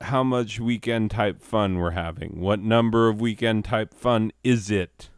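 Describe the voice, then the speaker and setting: A man's voice: fairly low pitch, unhurried, hardly any pauses, smooth, no echo, clean studio sound. A man hosting a comedy video, talking in an exasperated and sarcastic way. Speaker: host. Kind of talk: comedic banter.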